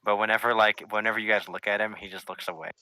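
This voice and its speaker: Deep, forceful game master narrating. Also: male voice, steady tone, smooth. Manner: halting narration with many restarts.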